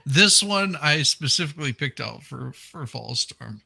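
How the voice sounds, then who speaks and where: A man's voice: on the high side, lively intonation, unhurried, gravelly, pushed and bright, husky. A man hosting a podcast in casual chat, giddy and laughing. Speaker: podcast host.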